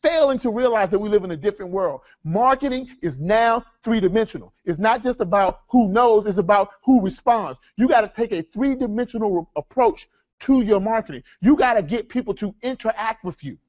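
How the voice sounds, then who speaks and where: Man, high voice, lively seminar presenter, dull lo-fi room sound. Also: brisk. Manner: energetic, addresses audience as folks, asks rhetorical questions. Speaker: seminar speaker. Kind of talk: live workshop teaching.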